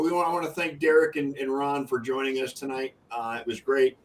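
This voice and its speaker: A man's voice: mid-range voice, level tone, brisk, distant mic. A man hosting a casual sports talk show, rambling and restarting his sentences as he wraps up. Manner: rambling, self-correcting. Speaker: podcast host.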